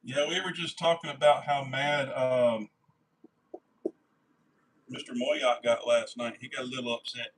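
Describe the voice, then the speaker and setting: A man hosts a live stream from his workshop, chatting casually and rambling easily with viewers, easygoing and warm toward his family. His medium-pitched voice has fairly even intonation and a measured pace with frequent pauses. The low-quality recording carries a little hiss or hum.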